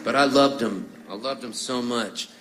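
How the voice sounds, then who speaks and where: A man's voice: mid-range voice, moderate pace, loud music behind the voice. Chatty man telling jokey stage stories. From Canada. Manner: chatty, jokey, acts out voices in his stories. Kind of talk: storytelling stage banter.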